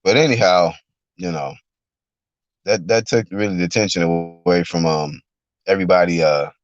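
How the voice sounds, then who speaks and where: A man ranting on a live reaction stream, mocking and animated, sometimes breaking into shouted impressions, in a car. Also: low voice, moderate pace. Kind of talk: profane live reaction rant. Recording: dull lo-fi dry recording.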